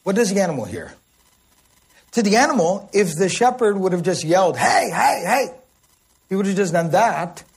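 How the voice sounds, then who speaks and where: A man's voice: sits high, animated, brisk, husky. A man teaching a religious language lesson, explaining word meanings and often checking in with his listeners. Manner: acts out calls and shouts.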